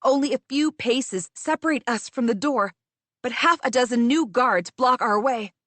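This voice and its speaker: A woman reading a first-person fantasy audiobook in a measured, tense way, close to the mic. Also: on the high side, fairly bright tone, no room sound. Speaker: audiobook narrator.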